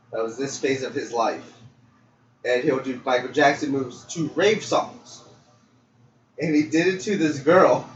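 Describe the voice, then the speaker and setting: A man co-hosting a podcast, chatting excitably and cracking jokes. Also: mid-range voice. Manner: excitable, jokey interjections. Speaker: podcast co-host. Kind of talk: casual chat. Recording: roomy, distant, lo-fi audio with faint hiss.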